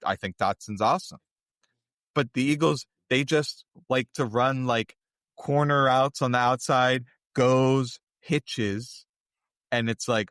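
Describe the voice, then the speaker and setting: A man's voice: medium pitch, takes it slowly, fairly bright tone, no echo, clean studio sound. Analytical male podcast co-host. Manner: analytical, talks in long run-on explanations. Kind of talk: casual chat.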